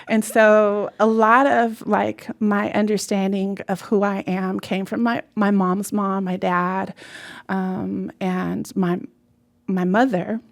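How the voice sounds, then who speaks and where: A woman from California, being interviewed in a studio, recounting her childhood with lively quoted voices. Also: medium pitch, takes it slowly, creaky. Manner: animated, lively quoting of family voices. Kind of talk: conversational interview storytelling. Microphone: studio microphone.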